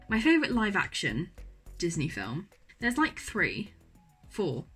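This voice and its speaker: A woman's voice: lowish voice, wildly swooping pitch, unhurried, long pauses, fairly bright tone, faint music behind. A young woman in casual chat to camera, gushing and enthusiastic, often repeating herself, speaking from her university bedroom. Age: young adult. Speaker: vlogger.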